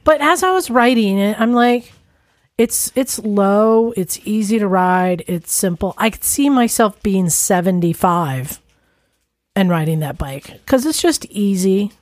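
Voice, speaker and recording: A woman's voice: medium pitch, lively intonation, unhurried, no room sound, clean studio sound. A woman co-hosting a motorcycle podcast, chatting casually with lots of fillers. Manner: chatty, filler-heavy, upbeat. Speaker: podcast co-host. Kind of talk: casual chat.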